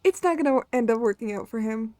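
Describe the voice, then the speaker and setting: A woman streamer giving casual, chatty commentary while playing a game, self-deprecating and quick to laugh. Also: a little high, expressive, warm tone, dry recording.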